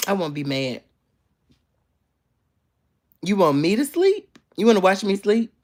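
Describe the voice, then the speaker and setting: A woman's voice: medium pitch, big pitch swings, measured pace, darkish tone. A young woman, chatting playfully with viewers on a casual live stream from her bed. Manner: playful, sassy, teasing. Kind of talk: casual chat reading viewer comments. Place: bedroom, in bed.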